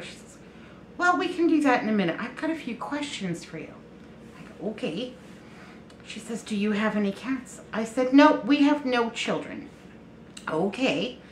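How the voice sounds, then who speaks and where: A woman telling a personal story in a chatty, animated way, acting out what others said in her own voice. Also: fairly high pitch. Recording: echoey room with faint noise.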